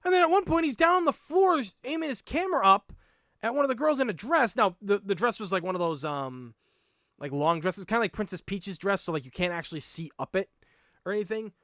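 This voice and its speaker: Animated Boston man, dry close mic. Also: high-pitched, brisk, no echo. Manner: animated, blunt, swears freely. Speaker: podcast host. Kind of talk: casual storytelling monologue.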